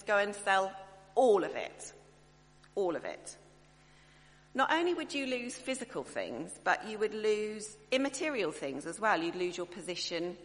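A woman preaching a sermon in a chatty, expressive way, often breaking off and restarting her thoughts. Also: medium pitch. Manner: chatty, expressive, self-interrupting. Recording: echoey hall, faint hum.

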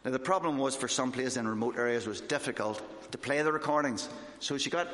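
A man from Northern Ireland with a Northern Irish accent, giving a fast, excitable church talk as a missionary speaker. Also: mid-range voice. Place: church hall. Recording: echoey church hall.

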